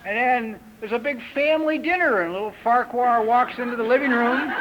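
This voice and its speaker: Lively male speaker, 50s, high-pitched, tells stories and acts out the voices of the people in them. Lo-fi 1980s archive tape. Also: moderate pace. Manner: lively storyteller who acts out characters in raised voices. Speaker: recovery meeting speaker. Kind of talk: personal recovery talk with storytelling. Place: retreat meeting hall. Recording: dull lo-fi 1980s tape recording with faint hiss.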